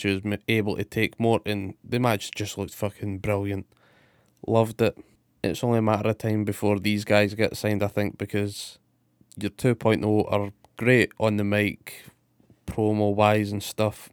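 A man talks casually on a podcast, full of swearing and enthusiasm. His voice is low, smooth and resonant. The sound is dry and close. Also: dry recording. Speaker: podcast co-host. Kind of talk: casual wrestling podcast chat.

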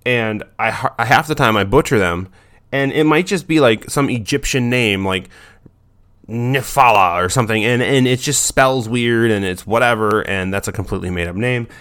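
A man's voice: mid-range voice, moderate pace, a bit bright, smooth. A man giving casual advice about naming dogs, rambling and breaking off his own sentences. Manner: rambling, self-interrupting, loose and informal.

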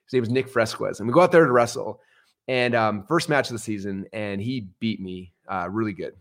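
A middle-aged man, a podcast guest, telling stories in a casual, animated way. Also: lowish voice, a little fast. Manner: animated, swings into excited outbursts. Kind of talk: casual storytelling.

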